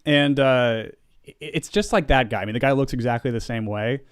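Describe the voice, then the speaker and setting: A man's voice: medium pitch, fairly quick, smooth, no echo, studio quality. A young man co-hosting a podcast, talking casually in a sarcastic, joking, rambling way. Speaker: podcast co-host. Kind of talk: casual chat.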